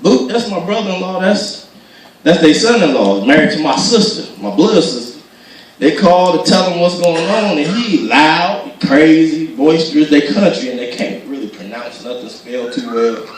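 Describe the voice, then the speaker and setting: A man doing stand-up storytelling, animated and acting out voices as he laughs through his jokes. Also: on the high side, moderate pace, a little hiss or hum. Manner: animated, acts out voices, laughs while telling. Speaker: stand-up comedian. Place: gospel comedy show venue. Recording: echoey hall from far off.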